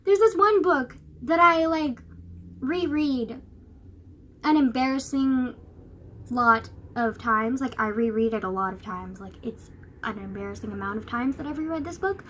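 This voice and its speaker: A woman's voice: high voice, unhurried, a bit bright, slight background noise. A young woman vlogging in a rambling, casual way, full of "like" and swearing. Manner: rambling, filler-heavy, swears a lot. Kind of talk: casual chat.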